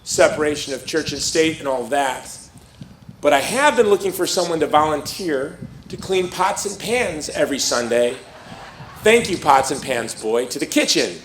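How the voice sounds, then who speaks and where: A man's voice: on the high side, lively intonation, normal speed, a bit bright, roomy sound, a little hiss or hum, low-quality recording. A man playing a dry, mock-polite army drill sergeant while telling a story. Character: gruff, wry male army drill sergeant.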